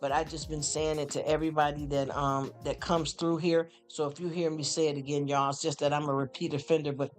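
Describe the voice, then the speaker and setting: On a casual live stream with faint music behind him, a man rambles heartfelt to his viewers, stammering and repeating himself, calling chatters honey and y'all. His voice is a little high and level in tone, and he talks fairly quickly with few pauses.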